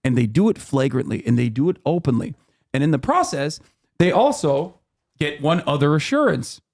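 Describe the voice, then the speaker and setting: A man's voice: fairly high pitch, very animated, normal speed, a little mellow. Heated, profane man explaining on stream. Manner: heated, profane, with many fillers and restarts. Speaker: streamer host. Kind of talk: casual livestream explainer.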